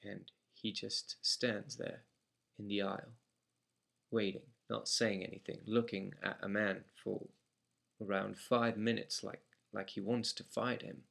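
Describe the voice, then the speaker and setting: A man's voice: on the low side, level tone, a little slow, creaky, a bit bright. A man with an English accent telling a first-person anecdote in a matter-of-fact, dry way. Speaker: storyteller.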